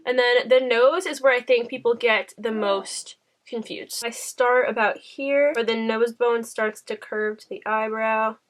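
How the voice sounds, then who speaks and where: A young woman chatting bubbly to camera as she walks through her makeup tutorial at home. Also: fairly high pitch. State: out of breath. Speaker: beauty vlogger. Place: bathroom at home.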